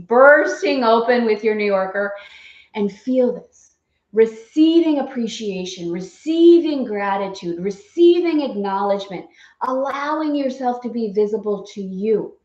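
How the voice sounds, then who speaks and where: A medium-pitched woman with a darkish tone, heard in a roomy, lo-fi recording. Leading a live spiritual lesson as a course guide, she's playful and effusive, laughing a lot as she walks listeners through affirmations and breathing.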